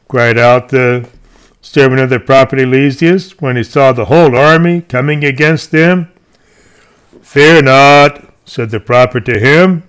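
Man, sermon reading, slow, solemn, measured, average pitch. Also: smooth. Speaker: preacher.

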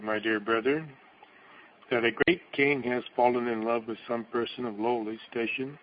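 A man's voice: mid-range voice, highs cut off, slight background noise. A man reading a sermon aloud in a solemn, declamatory manner, voicing quotations dramatically. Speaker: preacher.

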